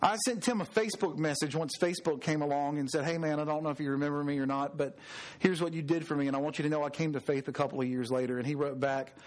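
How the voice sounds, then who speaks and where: A middle-aged man preaching with earnest emphasis, his voice sitting a little high for a man. He builds his points through repeated phrases and personal storytelling. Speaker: pastor. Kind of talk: sermon.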